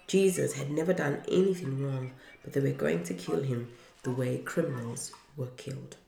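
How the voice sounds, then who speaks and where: Low gravelly woman reading a storybook. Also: moderate pace, dark tone, slight background noise. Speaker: parent reading to listeners. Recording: roomy echo.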